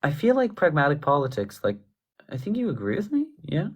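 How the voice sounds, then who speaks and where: A man's voice: a little high, wildly swooping pitch, husky. Blunt American man hosting a live debate. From United States. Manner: blunt, dismissive, quick to cut in. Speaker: livestream debate host.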